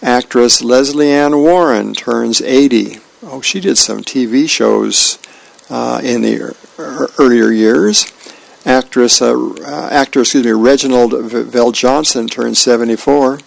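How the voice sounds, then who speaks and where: A man reading a newspaper aloud as a volunteer reader, friendly and unhurried, with small slips he corrects. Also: medium pitch, vocal fry, poor audio.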